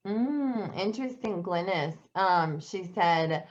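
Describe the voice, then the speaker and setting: A woman's voice: mid-range voice, animated, a little slow. A woman hosting a live stream who laughs often and reads out viewer comments. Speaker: host. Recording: slightly dull lo-fi sound.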